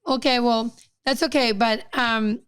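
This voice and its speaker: A woman's voice: a little high, fairly even intonation, measured pace, fairly bright tone, clear, resonant tone, dry recording. A woman from the United States co-hosting a podcast, reacting eagerly and chatting casually. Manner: enthusiastic, short eager reactions. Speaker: podcast co-host. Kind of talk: casual chat.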